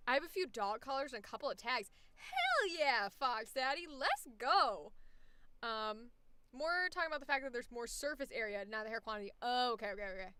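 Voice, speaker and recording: Excitable bright-voiced woman streamer. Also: on the high side, clean tone. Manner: excitable, laughing, swears freely. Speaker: voice actor streaming with chat. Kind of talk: casual livestream chat.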